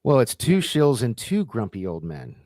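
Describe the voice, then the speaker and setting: A man hosting a casual live-stream chat, retelling scenes with lively acted-out quotes. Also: medium pitch, normal speed, no room sound. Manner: animated retelling, acting out quoted lines. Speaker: host.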